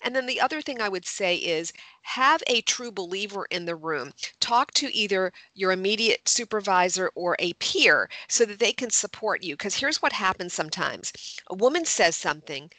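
A woman's voice: medium pitch, animated, moderate pace, pushed and bright, no room sound. A woman giving confident, emphatic career advice as a communication coach in an interview. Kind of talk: advice in a radio-style interview.

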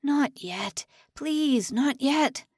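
A woman's voice: high voice, lively intonation, very slow, dry recording, clean studio sound, pitched above the performer's own voice, heavily acted. A woman voicing a desperate young male prisoner in an audiobook, pleading and stammering.

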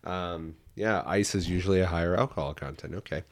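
A man's voice: deep voice, fairly quick, no echo. A man from the American Midwest co-hosting a live-streamed podcast, joking casually while drinking a beer. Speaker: podcast co-host.

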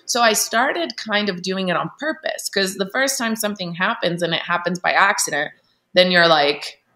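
A woman guest telling a personal story in an earnest, animated way, full of fillers and restarts. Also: mid-range voice, normal speed. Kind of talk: candid storytelling interview.

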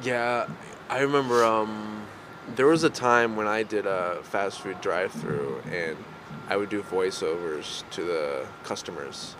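Low-voiced male podcast host, rambling. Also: measured pace. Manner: rambling, laughs often, many fillers. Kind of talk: casual conversation. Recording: noisy background recording.

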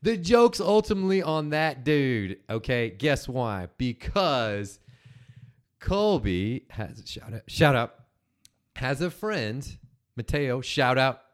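A man in his forties hosting a podcast, telling a story with teasing, animated banter. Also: medium pitch, slow. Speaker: main host.

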